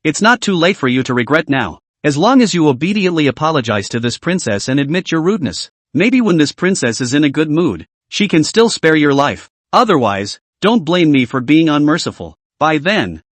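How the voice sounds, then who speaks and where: A man's voice: on the high side, very animated, moderate pace, few pauses, no echo. A man voicing an arrogant, cruel young princess who speaks in haughty threats, as in a storybook recap. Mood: threatening.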